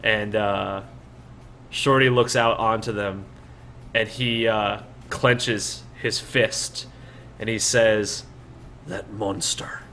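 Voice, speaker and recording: A man's voice: fairly low pitch, fairly even intonation, slow pace, bright, forceful tone, a little hiss or hum. A man narrating as dungeon master, rambling with many fillers and restarts. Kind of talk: narrating a tabletop game.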